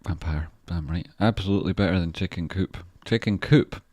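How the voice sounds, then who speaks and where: Low-voiced Scottish man chatting on a livestream. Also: steady tone, brisk, darkish tone, no room sound. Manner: chatty, swears freely, effusive with thanks. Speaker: stock trading livestreamer. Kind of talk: casual livestream chat, reading viewer messages.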